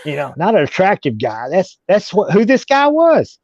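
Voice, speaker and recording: A man's voice: sits high, wildly swooping pitch, moderate pace, a little mellow, no echo. A man telling a long story as an interview guest, rambling with many restarts. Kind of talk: casual storytelling. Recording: dull lo-fi recording.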